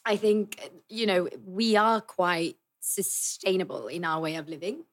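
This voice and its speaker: A woman from Sweden who speaks well-spoken English with a slight Swedish twang and Swedish as her first language, chatting as a podcast guest, easygoing and quick to laugh. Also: lowish voice. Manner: warm, quick to laugh, agreeable. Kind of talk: casual chat.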